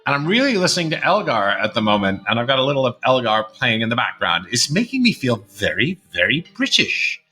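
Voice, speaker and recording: A man's voice: medium pitch, sing-song, a little fast, hardly any pauses, bright, forceful tone, faint music behind. A man in his fifties hosting a podcast, chatting casually and rambling through a closing monologue. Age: 50s. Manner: chatty, rambling, shifts between accents. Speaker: podcast host.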